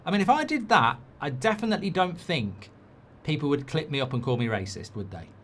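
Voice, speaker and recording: A man's voice: on the high side, sing-song, fairly quick, a bit bright. Chatty man hosting a watchalong. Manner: chatty, reads viewer comments aloud. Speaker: football watchalong host. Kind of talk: casual live-stream commentary.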